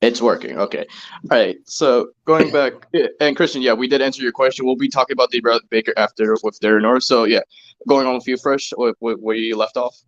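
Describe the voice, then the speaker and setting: A man's voice: medium pitch, steady tone, fairly quick. A man hosts a casual online stream, his voice sitting in a middle range. He talks hesitantly, stopping and restarting his sentences often. The sound is dull and lo-fi. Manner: hesitant, with many fillers and restarts. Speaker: stream host.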